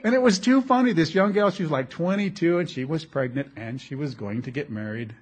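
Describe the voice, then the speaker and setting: Husky, jokey middle-aged male preacher. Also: a little high, fairly quick. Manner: animated, jokey storytelling with repeated restarts. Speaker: pastor. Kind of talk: sermon with humorous stories.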